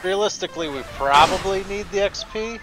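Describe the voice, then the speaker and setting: A man's voice: high-pitched, fairly quick, over music, low-quality recording. Casual man commentating a game. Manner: thinks aloud, reads game text aloud. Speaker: gameplay host. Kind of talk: casual let's-play commentary.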